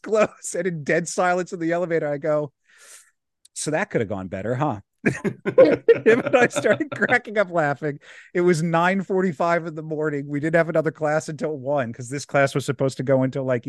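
Animated young man telling a story. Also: fairly high pitch, brisk, no echo, studio quality. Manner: animated storyteller, acts out quotes, laughs through lines. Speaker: podcast co-host. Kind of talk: casual storytelling chat.

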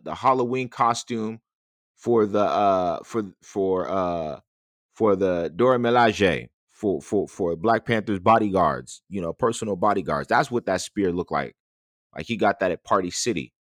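A man co-hosting a podcast in casual chat, ranting in an animated, exasperated way with many restarts. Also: on the low side, no echo, studio quality. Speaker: podcast co-host.

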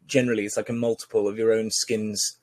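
A man's voice: lowish voice, flat delivery, fast, crowd noise. A man hosting a podcast in casual chat, rambling with many fillers and joking. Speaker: podcast host.

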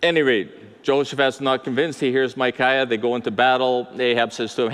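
An older man preaching to his congregation, mid-pitched and conversational, tossing in asides and rhetorical questions. His voice rings out with a long hall reverb, as if recorded in a large church. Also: steady tone, brisk, few pauses, a bit bright, smooth. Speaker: pastor. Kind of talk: sermon.

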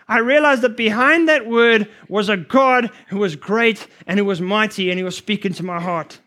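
High-voiced man preaching earnestly. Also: a bit bright. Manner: earnest, emphatic, rushes at times. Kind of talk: sermon to trainee missionaries.

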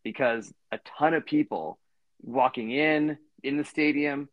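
A man's voice: fairly high pitch, a little slow, dry recording, muffled recording. A man in his thirties co-hosting a podcast, telling a long story in a rambling way with lots of fillers and restarts. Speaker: podcast co-host. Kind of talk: casual storytelling chat.

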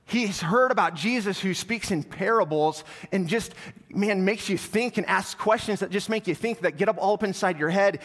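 A male pastor tells a story during a sermon and grows softer and lower as he invites the church to respond. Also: moderate pace. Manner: storytelling, falls soft and low when inviting. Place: church sanctuary. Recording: long hall reverb.

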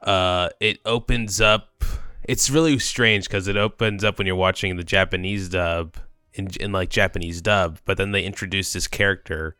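Deep-voiced man in casual chat. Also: fairly even intonation, moderate pace, sharp tone, smooth, no room sound, clean studio sound. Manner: rambling, many restarts and fillers like "like".

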